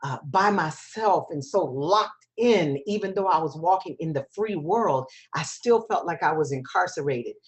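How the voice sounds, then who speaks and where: Low-voiced earnest woman speaker. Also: animated, normal speed, hardly any pauses. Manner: earnest, repetitive, emphatic. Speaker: webinar presenter and public speaker. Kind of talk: personal testimony talk.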